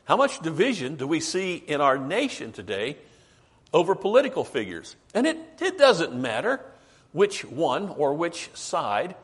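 A man preaching a sermon emphatically, asking rhetorical questions and slowing down for stress. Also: on the high side, wildly swooping pitch, slightly rough.

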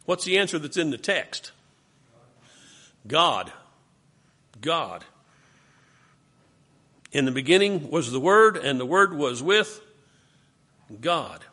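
A man teaches a Bible study class, asking his students question after question and steering them back to the text. His voice is bright and forceful with a husky edge. He sits a little higher than most men. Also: sing-song, slow, pauses often.

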